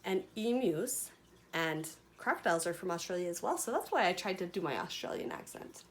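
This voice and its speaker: A woman reading a picture book aloud to preschool children, animated and chatty. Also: on the low side, brisk, a little hiss or hum. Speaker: preschool story reader.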